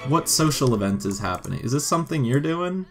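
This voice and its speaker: Bubbly rambling lady from a sim game, man voicing her, bouncy pitch. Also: very animated, brisk, faint music behind. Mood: cheery.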